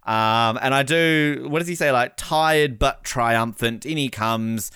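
A man hosting a casual podcast recap, animated, laughing often and mimicking the people he talks about. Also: mid-range voice, a little slow, smooth, no room sound, studio quality. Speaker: podcast host.

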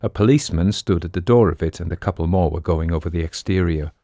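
Man, audiobook narrator, deep voice, steady, dry close sound. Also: fast, no room sound.

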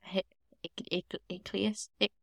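A woman with a mid-range voice co-hosts a casual true-crime podcast. She is chatty, quick with dry jokes, and reacts freely to her co-host. Her voice sits close and dry in the recording. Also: mid-range voice, flat delivery, creaky, fairly bright tone, dry recording. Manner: chatty, wry and joking.

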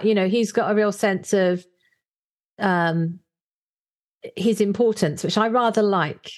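A woman talks slowly in a mid-range voice, pausing often as she works through ideas in casual conversation. Hesitant and reflective, she fills gaps with fillers and reads short book passages aloud.

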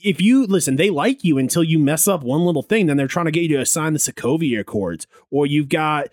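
Young dude cohost, slightly high voice that bounces around a lot, hyped and slangy, dry mic. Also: male voice, a little fast, dry recording. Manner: enthusiastic, slangy, animated. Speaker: podcast co-host. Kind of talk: casual chat.

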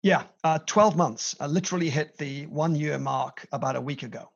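A middle-aged British man, a company CEO, tells his career story in an interview, chatty and self-deprecating, with a British accent. His voice is on the high side and gravelly at a moderate pace, and the recording has a slightly dull lo-fi sound.

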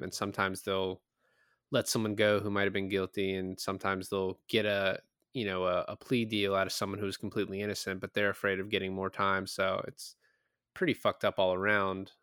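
A man's voice: fairly low pitch, a bit bright, clean tone, dry recording, clean studio sound. A man co-hosting a podcast, casually retelling movie scenes and explaining legal details, swearing now and then. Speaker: podcast co-host, lawyer.

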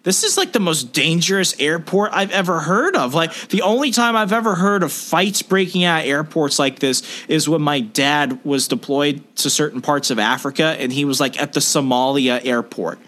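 A young man tells a story in a relaxed group chat, his voice sitting a little high. He talks in an animated way and acts out the people he quotes. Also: normal speed, hardly any pauses. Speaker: podcast co-host.

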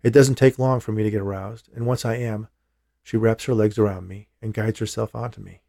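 Male audiobook narrator, low and warm, measured thriller read, dry close mic. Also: steady tone, creaky, no echo. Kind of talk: scripted first-person thriller narration.

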